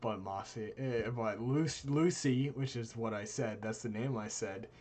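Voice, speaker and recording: A young man, co-host of a live stream, casually telling a personal story and acting out his friends' lines. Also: a little slow. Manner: animated, voices quoted friends with big jumps in pitch.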